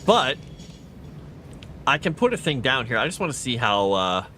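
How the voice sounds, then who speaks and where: Lively man chatting on a game stream. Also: mid-range voice, normal speed, slight background noise. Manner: chatty, coos and baby-talks to his cat. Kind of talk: casual game stream chat. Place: home, indoors.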